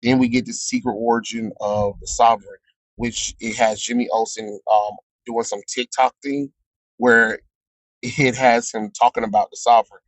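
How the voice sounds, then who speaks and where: A man's voice: medium pitch, animated, moderate pace, gravelly, no echo, rough recording. A man casually recapping a comic book issue, rambling with frequent ums and chuckling at his own jokes.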